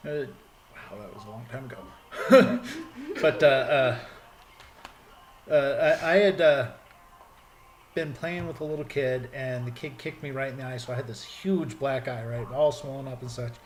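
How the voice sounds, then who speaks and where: A man's voice: mid-range voice, moderate pace, pauses often, slight background noise. A man chatting casually and telling funny stories in a jokey, playful way. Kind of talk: casual comedic chat.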